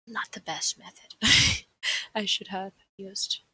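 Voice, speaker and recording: Young woman, Southern American accent, bright tone, husky edge, chatty livestream seminar talk. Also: medium pitch, steady tone, slow, rough recording. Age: young adult. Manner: chatty and rambling, laughing often. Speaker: seminar presenter. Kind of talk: casual livestream presentation. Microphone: desk mic on a livestream.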